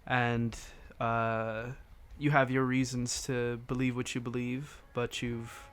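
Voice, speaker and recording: A man narrating a tabletop game as game master, halting and correcting himself as he goes. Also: medium pitch, level tone, clean tone.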